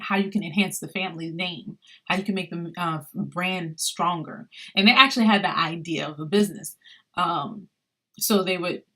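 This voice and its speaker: Woman podcaster, casual solo chat, lower-pitched voice, rambling with fillers. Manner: conversational, many fillers, animated retelling of dialogue. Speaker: podcast host.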